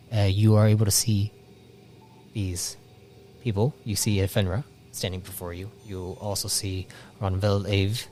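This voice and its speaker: A man narrating as game master, halting with many restarts and fillers, laughing often. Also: low-pitched, mellow.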